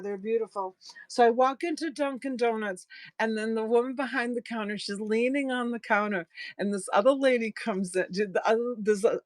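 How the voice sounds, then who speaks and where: Speaking at a medium pitch in a recording with no room sound, a middle-aged Boston woman chats through a live-stream sale. She laughs a lot, drifts into rambling stories, and drops quick side comments.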